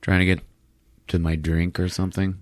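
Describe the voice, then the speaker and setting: A man's voice: deep voice, flat delivery, moderate pace, no room sound, clean studio sound. A man hosting a podcast, casually retelling a film with loose, profane energy. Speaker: podcast host recapping a film. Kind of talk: casual chat.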